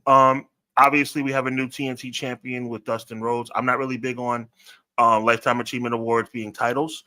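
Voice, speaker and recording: Emphatic man, bright dry voice. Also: mid-range voice, little pitch movement, no room sound. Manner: emphatic, deliberate, stretches words for emphasis. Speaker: podcast host. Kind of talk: casual podcast review.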